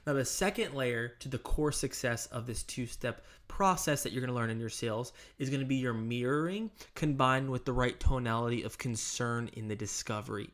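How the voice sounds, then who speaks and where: A man hosting his channel, coaching salespeople in a direct, emphatic, motivational way. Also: mid-range voice. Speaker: sales trainer and channel host. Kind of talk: coaching monologue to camera.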